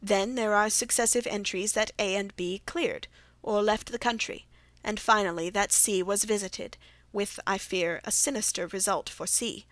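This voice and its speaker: A woman reading the part of a brilliant, aloof male detective in an audiobook, with a measured, precise delivery. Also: mid-range voice, fairly even intonation, no echo, natural voice. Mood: reasoning.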